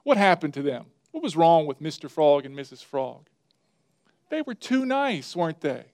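A man's voice: on the high side, very animated, normal speed, a little mellow, no room sound, studio quality. A male pastor, preaching emphatically and telling a folksy parable. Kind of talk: sermon.

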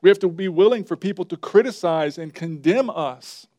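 A man preaches in an emphatic, folksy manner, his voice sitting a little high for a man. The sound is dry and close, with no room echo. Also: moderate pace, warm tone. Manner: emphatic preaching with a folksy parable, plays characters briefly. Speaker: pastor. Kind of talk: sermon.

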